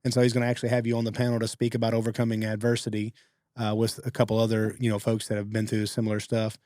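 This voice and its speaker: A man, co-hosting a podcast and telling stories in a casual, animated way, acting out what other people said. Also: on the low side, no echo, studio quality. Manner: fast-talking, animated quoting of others. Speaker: podcast co-host. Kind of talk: casual storytelling.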